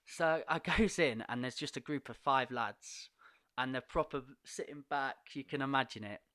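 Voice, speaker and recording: Male podcast guest, animated storyteller, bright tone, dry close sound. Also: medium pitch, moderate pace, dry recording. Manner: animated, laughs often while telling a story. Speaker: podcast guest, poet and coach. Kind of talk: casual storytelling.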